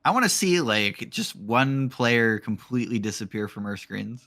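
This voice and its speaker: Bright-voiced man co-casting. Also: mid-range voice, expressive, normal speed. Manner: joking, tells teasing anecdotes. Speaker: esports co-caster. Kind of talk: casual live-stream banter.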